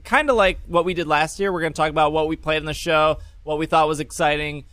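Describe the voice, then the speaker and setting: Male podcast host, a touch high, dry close sound, wry and self-mocking. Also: fairly even intonation, fast talker, pushed and bright, no room sound. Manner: joking, self-deprecating. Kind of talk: casual chat. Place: live convention panel.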